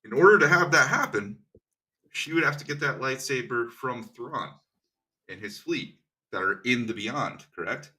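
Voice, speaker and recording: A man's voice: medium pitch, animated, moderate pace, sharp tone. A man co-hosting a casual fan podcast, laying out theories and checking facts with questions. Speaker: podcast co-host.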